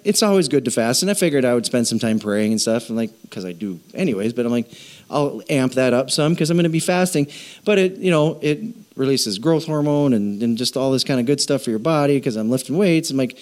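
Middle-aged pastor guy preaching, jokey animated storytelling, kinda high voice. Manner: storytelling, self-mocking, animated. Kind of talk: sermon.

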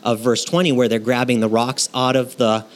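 A man's voice: medium pitch, flat delivery, moderate pace. A man preaching a sermon in a conversational way, often checking in with his listeners and acting out scenes. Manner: acts out scenes with sound effects. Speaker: pastor.

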